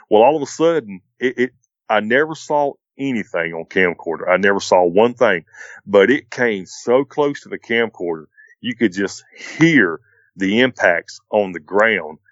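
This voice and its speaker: A man's voice: fairly low pitch, a bit bright, no echo, dull audio. A middle-aged man casually retelling a night encounter in a rambling way, repeating "he said" and "I said" as he goes. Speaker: storyteller.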